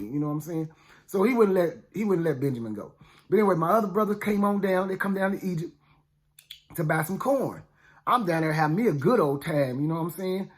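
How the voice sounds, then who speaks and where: A man's voice: on the high side, lively intonation, fast talker. A man retelling a Bible story in first person, in a casual, slangy way with frequent asides to the listeners. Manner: chatty, slangy, with many "you know what I'm saying" asides. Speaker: storyteller for a ministry.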